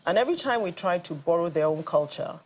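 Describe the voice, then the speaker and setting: A woman's voice: lowish voice, animated, fast, muffled recording. A woman producer being interviewed on TV, speaking confidently and emphatically about her work. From Nigeria. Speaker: theatre and film producer, guest. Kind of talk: studio interview.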